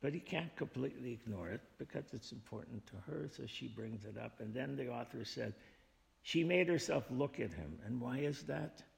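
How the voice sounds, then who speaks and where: Gravelly man reading in a reverberant hall. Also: mid-range voice. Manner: thoughtful, measured, explanatory. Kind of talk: reading aloud and reflecting on a passage.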